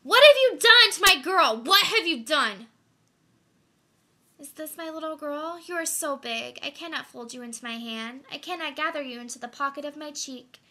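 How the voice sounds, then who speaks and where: A young woman acting a monologue as a reclusive, fiercely protective mother who swings from flat routine to frantic outbursts. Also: sits high, fairly quick, few pauses. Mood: tender. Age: young adult. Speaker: student actor. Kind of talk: theatrical monologue.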